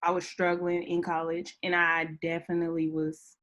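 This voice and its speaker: A woman's voice: fairly low pitch, completely flat delivery, normal speed, a bit bright, highs cut off. Young woman from memphis on a podcast, kinda tearful, laughs to keep from crying. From Memphis, USA. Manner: tearful, laughing to hold back tears. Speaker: guest. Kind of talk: emotional personal story.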